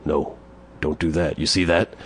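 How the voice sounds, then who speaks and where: A man's voice: extremely low pitch, little pitch movement, normal speed, slightly rough, voice pushed down. Man putting on an insistent old handyman. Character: insistent old male maintenance man, about seventy.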